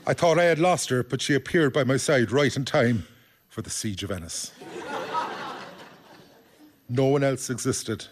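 A man's voice: medium pitch, a little slow, long pauses, a faint crowd, slight background noise. A man reading a scripted personal reflection in a tender, nostalgic way.

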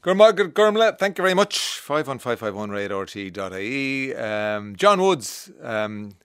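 A man's voice: medium pitch, big pitch swings, measured pace, a bit bright, clear, resonant tone, no echo, studio quality. A man with an Irish accent hosting a radio show, chatting casually and teasing callers, with frequent fillers. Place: radio studio.

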